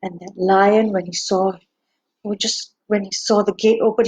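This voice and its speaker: A woman narrating a children's story aloud in a slow, expressive way, dropping to a hush at tense moments. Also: medium pitch, husky. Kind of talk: gentle read-aloud storytelling. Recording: dull lo-fi recording.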